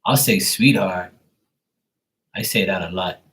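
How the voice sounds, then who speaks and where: Sitting low and a bit bright, the voice moves a little slowly. It belongs to a man in his forties from Bermuda, a tarot livestream host, casually ranting with profanity and joking as he plays both callers on the phone.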